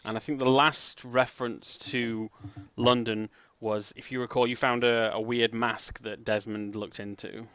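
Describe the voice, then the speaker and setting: Bright-voiced male game master, halting. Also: mid-range voice, little pitch movement, clear, resonant tone, no room sound. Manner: rambling, halting, laughs often. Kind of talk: narrating a tabletop game.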